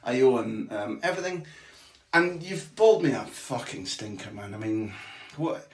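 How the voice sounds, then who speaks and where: Animated man in an echoey bathroom. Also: medium pitch, moderate pace, recorded from a distance. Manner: animated, swearing, restarts often, acts out quotes. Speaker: guest football journalist. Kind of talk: casual podcast storytelling. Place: small bathroom at home, remote call. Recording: echoey small room, off-mic.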